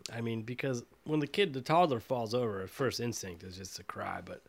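Casting: male podcast host, mid-pitched, loose and profane storyteller. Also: vocal fry, slight background noise. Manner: profane, digressive, animated. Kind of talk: rambling comic storytelling.

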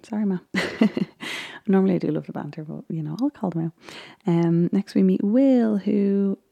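A woman's voice: mid-range voice, moderate pace, gravelly, dark tone, lo-fi sound. A woman vlogger chatting casually as she recaps a baking show, rambling with frequent ums and little laughs. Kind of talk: casual chat.

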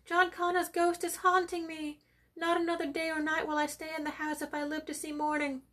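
A woman's voice: high-pitched, monotone, fairly quick, a bit bright, recorded from a distance, pitched above the performer's own voice. A woman voicing a terrified young servant girl who screams in panic.

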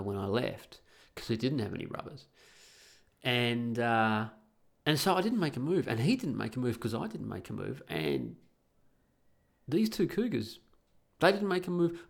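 Gravelly-voiced Australian man telling a story. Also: mid-range voice. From Perth, Australia. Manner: blunt, crude, rambling with many restarts. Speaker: podcast host. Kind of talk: casual storytelling monologue. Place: at home.

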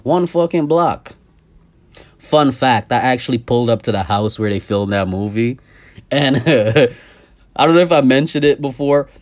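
A young man hosting a podcast, ranting casually and profanely, his voice swinging from loud outbursts to low asides. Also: animated, unhurried. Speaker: podcast host. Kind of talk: casual comedic rant.

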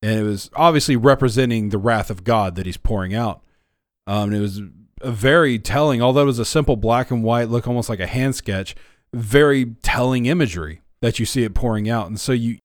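A man's voice: medium pitch, brisk, dry recording, clean studio sound. A man co-hosting a podcast Bible study, retelling scripture scenes in plain words with some fillers. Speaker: co-host, former youth minister. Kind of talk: conversational Bible study discussion.

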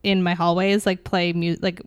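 Dry-sounding young woman, halting chat. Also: fairly low pitch, flat delivery, smooth, dry recording. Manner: halting, trailing off, many fillers. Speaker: podcast co-host. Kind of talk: casual chat.

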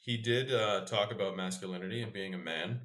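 A man's voice: lowish voice, fairly quick, fairly bright tone. A young man co-hosting a podcast, chatting casually and arguing his points with playful enthusiasm. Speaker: podcast co-host. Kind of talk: casual banter. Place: home podcast setup in Calgary.

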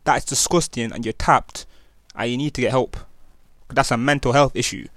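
A man's voice: mid-range voice, fairly even intonation, normal speed, fairly bright tone, no echo, clean studio sound. Young Nottingham man talking slangy street talk. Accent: Nottingham, East Midlands English. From England. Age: young adult. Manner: slangy street talk, many fillers and restarts. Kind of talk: casual personal testimony.

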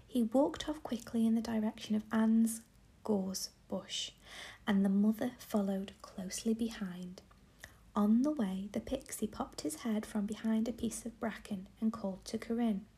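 A woman reading a children's story aloud in a slow, gentle whisper. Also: a little high, gravelly.

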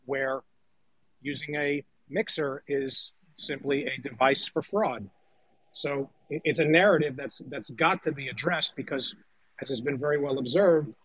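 A man's voice: a little high, fairly bright tone, no echo, poor audio. A man co-hosting a casual panel discussion, conversational as he leads and brings in guests. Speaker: podcast co-host.

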